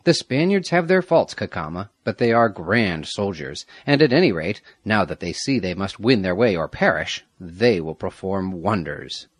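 A man's voice: low voice, sing-song, normal speed, few pauses, slightly rough, dry recording, heavily acted. A man reading a loyal young soldier. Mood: earnest.

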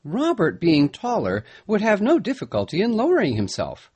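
A man's voice: sits high, huge pitch swings, normal speed, darkish tone, slightly rough, pitched above the performer's own voice, full character voice. A man voicing an earnest young man in a storybook reading, eager and polite. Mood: urgent. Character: earnest, alert young man keeping watch.

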